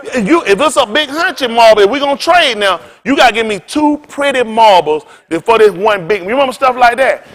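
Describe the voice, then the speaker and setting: High, lively-voiced preaching pastor man. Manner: folksy, colloquial, storytelling, quizzes the crowd. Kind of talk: informal sermon to a congregation.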